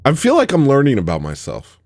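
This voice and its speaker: A man's voice: mid-range voice, huge pitch swings, a little fast, no room sound. A man hosting a livestream, rambling through a self-mocking comic monologue with theatrical outbursts. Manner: self-mocking, theatrical, bursts into sudden yells. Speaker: livestream host.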